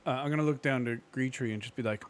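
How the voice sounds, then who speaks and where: A man's voice: medium pitch, fast. A man playing a tabletop game, talking in a playful, hesitant, joking way. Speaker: player. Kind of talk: casual tabletop play.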